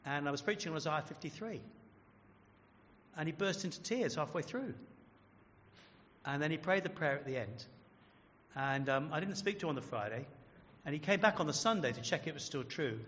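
A man's voice: a little high, expressive, brisk, long pauses, fairly bright tone, in a large hall, dull audio. A man preaching a sermon as pastor, earnest and emphatic, often asking the congregation questions. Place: large church.

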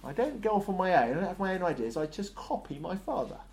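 A man's voice: high-pitched, big pitch swings, fast, creaky, a little mellow. A man preaching a sermon in a conversational way, often acting out short dialogues between characters.

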